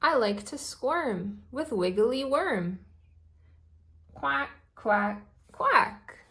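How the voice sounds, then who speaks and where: A woman's voice: on the high side, lively intonation, drawn-out words, a bit bright, exaggerated voice. A woman voicing a cheerful little male duckling in a storybook, reading in a sing-song way.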